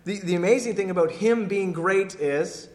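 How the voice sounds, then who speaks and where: An emphatic male pastor delivering a sermon, hammering points home by repeating them. His voice sits a touch higher than most men's. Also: normal speed. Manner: emphatic, repeats key phrases.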